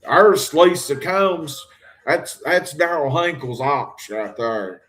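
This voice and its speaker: A man rambles through a livestream, calling out to viewers by name and firing off jokes. His voice sits a little higher than most men's. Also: slow, a bit bright. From Harlan County, Kentucky. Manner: rambling, addresses viewers directly, jokey. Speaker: livestream host. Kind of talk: rambling livestream talk to chat.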